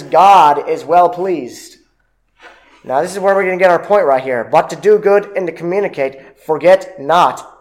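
Man preaching a halting sermon. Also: on the high side, a little mellow, low-quality recording. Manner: halting, with many fillers and restarts; reads scripture aloud in old-fashioned wording.

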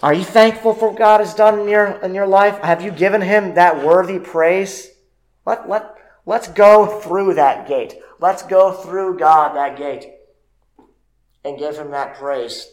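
A man delivers a church sermon in a somewhat high-pitched voice. He stumbles through fillers and restarts as he explains the verses, and reads the scripture in old-fashioned wording. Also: low-quality recording. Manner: halting, with many fillers and restarts. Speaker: preacher.

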